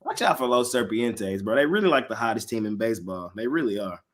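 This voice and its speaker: A man's voice: fairly low pitch, animated, brisk. A man hosting a sports betting show, giving casual picks to his live chat and repeating lines for emphasis.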